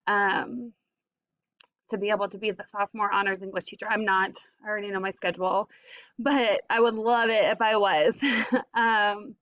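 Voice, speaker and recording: A woman who teaches high school English, recording a farewell message to her students and speaking earnestly and directly to the class. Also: dry recording. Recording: dull lo-fi, dry sound.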